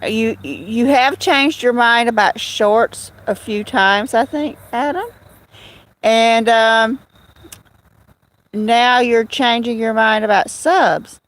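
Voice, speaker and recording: A woman's voice: fairly high pitch, takes it slowly. A middle-aged woman, hosting a casual livestream from her rural home and answering viewers by name. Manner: chatty, drawling, answers chat by name. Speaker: livestream host.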